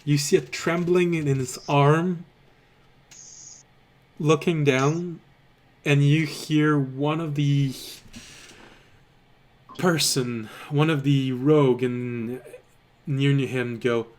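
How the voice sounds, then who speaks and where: A man narrating a tabletop fantasy game as game master, describing scenes deliberately. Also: fairly high pitch, steady tone, darkish tone. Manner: descriptive, deliberate, occasional trailing restarts.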